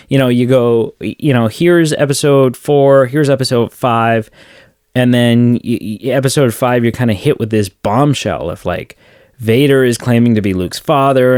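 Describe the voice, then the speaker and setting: A man's voice: medium pitch, darkish tone, smooth, no echo, clean studio sound. A man co-hosting a podcast, chatting casually and rambling about films, with lots of fillers and restarts. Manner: rambling, acts out film scenes in silly voices. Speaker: podcast co-host. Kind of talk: casual movie discussion.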